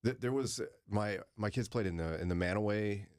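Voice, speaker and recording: A man's voice: lowish voice, normal speed, a little mellow, clean tone. A man hosting a morning radio talk show, chatting casually and telling stories with dry, self-deprecating humor. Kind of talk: casual studio chat.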